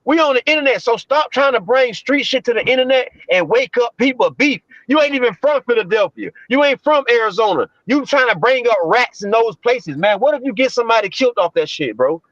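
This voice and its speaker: A man's voice: very high voice, lively intonation, a little fast, hardly any pauses, a bit bright, dry recording, highs cut off. A man co-hosting a livestream, giving emphatic, slangy commentary and repeating his points. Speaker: livestream co-host. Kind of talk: casual streetwise commentary.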